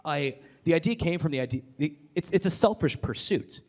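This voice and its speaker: A man talking onstage as a podcast host, enthusiastic and rapid, with many fillers, restarts and the odd swear word. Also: fairly high pitch, lively intonation, darkish tone. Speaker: podcast host and guest speaker. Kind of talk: live onstage conversation.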